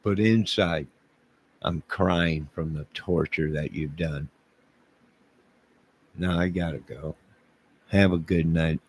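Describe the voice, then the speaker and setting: A man's voice: a bass voice, fairly even intonation, slow, long pauses, breathy edge. A man livestreaming, joking with his chat in a mock-indignant way and talking back to viewers.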